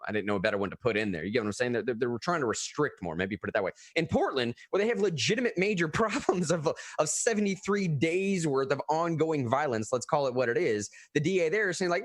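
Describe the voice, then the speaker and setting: A man talking casually about politics as a podcast co-host, animated and often restarting his phrases. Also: fairly high pitch, quick pace, few pauses, no echo, studio quality.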